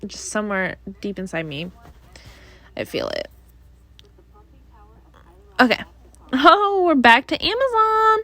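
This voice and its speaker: A young woman rambles through the week's news on her own podcast, chatting casually with many fillers and sighs while bothered by allergies. Her voice is high and fairly bright, with big pitch swings, a slow pace, and frequent pauses.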